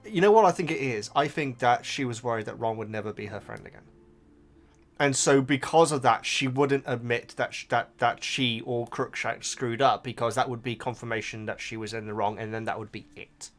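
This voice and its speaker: A man hosting a casual book reaction, animated and emotional, with frequent restarts. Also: mid-range voice, fairly quick, soft background music.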